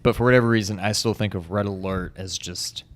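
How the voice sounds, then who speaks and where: Male co-host type, somewhat low voice, lively exclamations. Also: fairly quick. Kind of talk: casual chat among friends.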